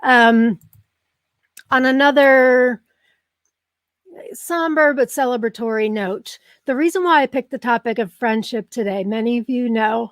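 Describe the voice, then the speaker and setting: A woman's voice: on the high side, measured pace, no echo, studio quality. A middle-aged woman hosting a live online show, chatting casually and emotionally with her viewers. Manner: warm, effusive, emotional, chatty with many ums. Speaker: livestream show host. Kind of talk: casual live broadcast chat.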